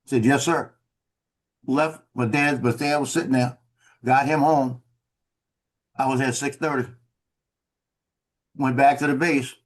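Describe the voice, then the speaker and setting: A former Marine on a video call tells a story casually, his medium-pitched voice unhurried and full of frequent pauses. He's animated, acting out the officers he quotes.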